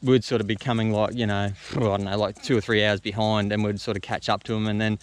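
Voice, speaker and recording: Fast-talking Australian man telling a story. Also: on the low side, level tone, smooth. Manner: rambling, lots of fillers and slang. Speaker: travel vlogger. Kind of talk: casual storytelling.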